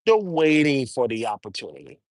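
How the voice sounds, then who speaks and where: A man's voice: medium pitch, huge pitch swings, a little fast, no room sound. A man chatting casually on a live stream outdoors at a zoo, wry and grumbling as he talks to himself. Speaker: livestreamer.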